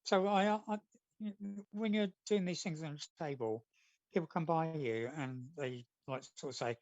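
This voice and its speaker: A man's voice: fairly high pitch, moderate pace, no room sound, rough recording. Chatty man telling stories. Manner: chatty, rambling storyteller acting out quotes. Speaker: comic artist guest. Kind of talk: casual anecdote telling.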